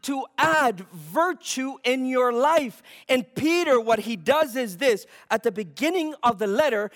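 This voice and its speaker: A man's voice: very high voice, fairly bright tone. A man preaching a sermon, explaining scripture and building to fervent emphasis, often asking questions and answering them himself. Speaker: pastor.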